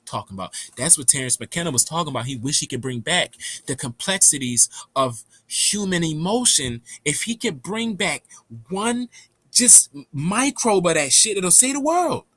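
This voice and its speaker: A young man telling a rambling, profane story in a casual, animated way. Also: a little high, moderate pace, breathy edge.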